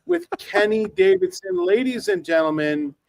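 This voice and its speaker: A man's voice: high-pitched, big pitch swings, normal speed, a crowd in the background, poor audio. A man from Wisconsin co-hosting and producing a podcast, jokey and showman-like, with emcee-style introductions.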